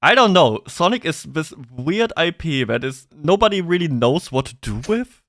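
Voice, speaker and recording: Excitable stammering man, bright tone. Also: on the high side, moderate pace, dry recording, studio quality. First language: German. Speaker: interviewee, streamer. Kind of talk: casual chat about games.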